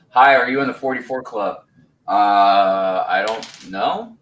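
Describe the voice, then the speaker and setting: A man's voice: lowish voice, takes it slowly, a bit bright, echoey room, far from the mic, slight background noise, low-quality recording. A man in his forties hosting a casual livestream, rambling in a laid-back way, laughing easily and reading chat comments aloud. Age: 40s. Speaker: host of a building livestream.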